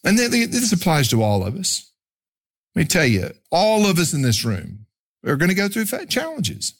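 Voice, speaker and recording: High-voiced man preaching with animated swings. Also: normal speed, breathy edge. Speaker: pastor. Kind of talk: live sermon. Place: church sanctuary.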